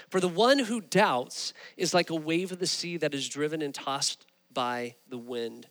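Man preaching in a reverberant hall. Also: on the high side. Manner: animated storytelling with rising emphasis. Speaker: pastor. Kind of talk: sermon.

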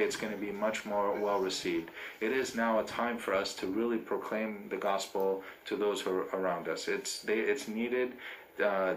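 A man's voice: on the low side, fairly bright tone, reverberant, a little hiss or hum, low-quality recording. A man, a priest, preaching a sermon in a church, speaking unscripted with fillers and restarts.

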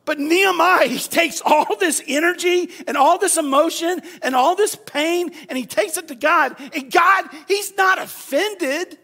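A man preaching a sermon, moving from quiet storytelling to loud, shouted preaching and leading the congregation in call-and-response. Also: very high voice, unhurried, few pauses. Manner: leads the congregation in repeating phrases. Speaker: pastor.

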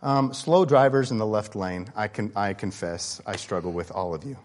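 A man preaching a sermon in a conversational, candid way, swinging between loud emphasis and quiet asides. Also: lowish voice, normal speed. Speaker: pastor.

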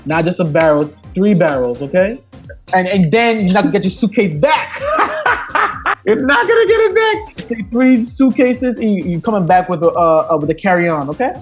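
A man's voice: high voice, normal speed, music in the background. A man, a film director guest who tells stories in a casual, joking way. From United States. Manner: laughing, joking, animated storytelling. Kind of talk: casual interview.

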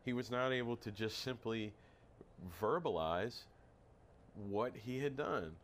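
A man in casual podcast chat, thinking aloud in halting, reflective talk with repeated words. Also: medium pitch, a little hiss or hum.

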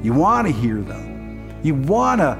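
A man preaching a sermon as a pastor, impassioned and rising, then quieter and earnest. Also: fairly high pitch, big pitch swings, a little slow, over music.

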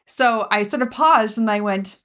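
Animated woman telling stories while laughing. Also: on the high side, normal speed. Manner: animated storyteller, laughs often. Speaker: podcast co-host. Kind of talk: casual chat.

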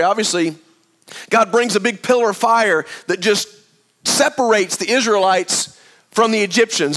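A man's voice: high-pitched, fairly bright tone. A man preaching a sermon to a congregation, retelling the story in a chatty, storytelling way and speaking straight to the room.

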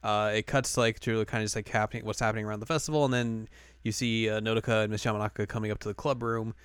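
A man's voice: fairly low pitch, little pitch movement, quick pace, clean tone, dry recording. A man hosting a podcast, recapping an episode in a rambling, casual way with lots of fillers. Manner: rambling, filler-heavy, laughs often. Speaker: podcast host.

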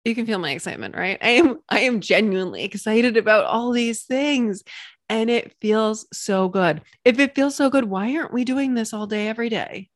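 Bubbly animated woman podcaster. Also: a little high, moderate pace, dry recording, clean studio sound. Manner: bubbly and animated, with playful exclamations. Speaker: podcast host and coach. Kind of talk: solo podcast talk.

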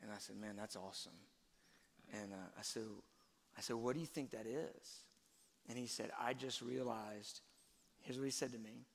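A middle-aged man telling a personal story in a soft-spoken, earnest way that often trails off quietly. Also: fairly low pitch, fairly even intonation, normal speed, gravelly. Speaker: speaker sharing a parenting story. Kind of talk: reflective personal storytelling talk. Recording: long hall reverb.

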